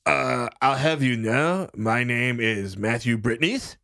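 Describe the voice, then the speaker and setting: A man's voice: mid-range voice, slow, vocal fry, bright, forceful tone, no room sound, studio quality, pitched above the performer's own voice, heavily acted. A man voicing a jittery young male medic who has a head cold, talking in a stuffy, nasal, rambling and defensive way. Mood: nervous.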